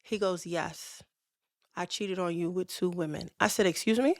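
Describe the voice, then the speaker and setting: A woman hosts a podcast and tells a personal story in a candid, conversational way. Her voice sits low with a gravelly fry, recorded dry and close. She acts out both sides of the dialogue as she goes. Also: steady tone, a little slow, no room sound. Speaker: podcast host.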